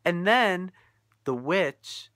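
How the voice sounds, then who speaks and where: Young male vlogger, casual rant, exasperated, bright tone, dry close sound. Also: sits high, drawn-out words, dry recording. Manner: incredulous, animated, laughing often. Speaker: vlogger reviewing a film.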